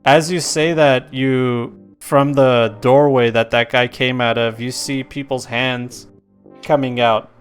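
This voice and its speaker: Smooth-voiced male game master. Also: medium pitch, steady tone, slow, soft background music. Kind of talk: narrating a tabletop game.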